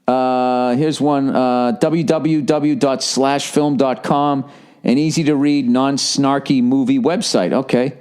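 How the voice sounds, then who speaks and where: Profane animated man with Boston accent. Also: mid-range voice, slow, clear, resonant tone. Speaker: podcast host. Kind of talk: casual podcast chat.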